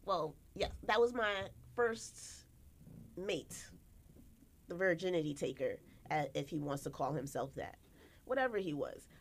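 A young American woman chats casually as a podcast co-host, her voice sitting a little low for a woman. She tells stories in an animated way, leaping up in pitch whenever she acts out what someone said. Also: measured pace. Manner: animated, acts out quotes with big pitch jumps. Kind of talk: casual storytelling chat.

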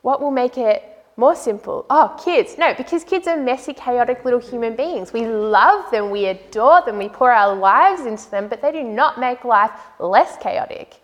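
A woman's voice: a little high, lively intonation, moderate pace, hardly any pauses. A woman sharing a personal faith testimony, earnest and heartfelt, often using "like" as a filler. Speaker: speaker sharing her faith story.

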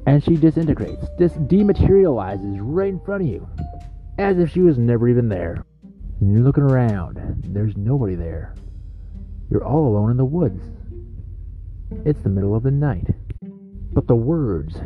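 A man hosting a comedic podcast monologue, rambling between hushed spooky storytelling and yelling rants. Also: mid-range voice, expressive, moderate pace, muffled recording, faint music behind. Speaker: podcast host.

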